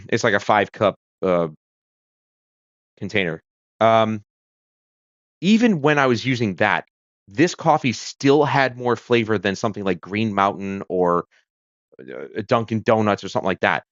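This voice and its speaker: A man from the United States hosts a casual livestream, wandering from point to point with plenty of fillers and restarts. His voice sits low. The audio is dry and a little dull, like a home streaming setup. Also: lively intonation, unhurried, long pauses, dry recording. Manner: rambling, chatty, with fillers and self-corrections. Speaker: livestream host. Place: home room with a kitchen corner.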